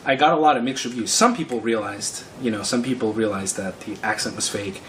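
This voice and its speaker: A young man casually narrating his own prank in a wry, quick manner. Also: lowish voice, far from the mic, very noisy. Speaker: prankster telling his story.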